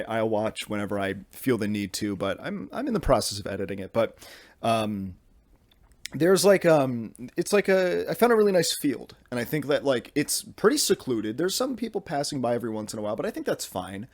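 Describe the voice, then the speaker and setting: A man's voice: medium pitch, dry recording. A young man hosting a podcast from his bedroom, rambling casually with lots of fillers and restarts. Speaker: podcast host.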